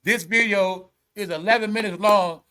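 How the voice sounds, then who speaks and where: A man's voice: sits high, normal speed, pushed and bright. A man giving casual, profane vlog commentary and breaking into laughter often. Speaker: online commentator.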